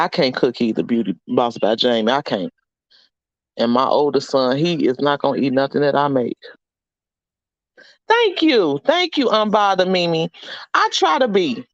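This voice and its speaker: A woman's voice: medium pitch, creaky, no room sound, muffled recording. A middle-aged woman hosting a casual livestream chat, upbeat and encouraging as she reads out names from the chat. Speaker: livestream host.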